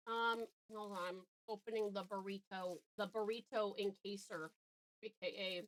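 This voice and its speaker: A woman's voice: on the high side, normal speed, pushed and bright. A woman with an Australian accent chatting casually on a live stream, giggling and eating as she talks. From Tasmania, Australia.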